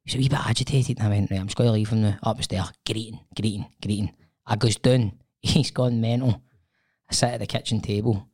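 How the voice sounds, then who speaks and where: A man's voice: lowish voice, steady tone, a little fast, darkish tone, husky. A Scottish man in his thirties, co-hosting a podcast in a studio, telling a long rambling story in casual chat with some swearing. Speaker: podcast co-host.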